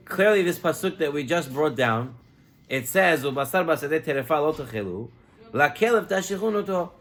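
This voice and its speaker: A pushy male neighbor talks someone into a shortcut, as a rabbi puts him on. He is coaxing and insistent, and his voice sits a little high. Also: animated, fairly quick, a bit bright.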